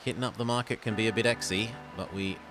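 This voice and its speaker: A man's voice: on the low side, fairly even intonation, fast talker. A man streaming a game for the first time, reading its dialogue aloud and commenting as he plays. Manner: reads game text aloud and comments between lines. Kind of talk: casual game let's play with dialogue read aloud. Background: game music.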